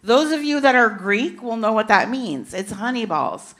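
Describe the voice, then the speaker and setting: A woman's voice: fairly high pitch, very animated, moderate pace, fairly bright tone. A middle-aged woman, speaking as a consumer advocate at a panel event, impassioned and emphatic with frequent restarts. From Canada. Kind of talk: passionate panel talk. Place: conference event hall.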